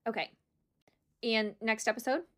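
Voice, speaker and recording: A woman co-hosting a podcast in casual chat, excitable and laughing a lot, swearing freely as she recaps a reality show. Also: a little high, moderate pace. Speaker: podcast co-host.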